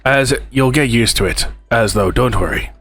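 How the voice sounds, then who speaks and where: A man's voice: medium pitch, normal speed, fairly bright tone, faint music behind, natural voice. Man playing a chatty old peddler. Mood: concerned. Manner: rambling folksy drawl, uneven put-on accent. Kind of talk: let's play voice reading.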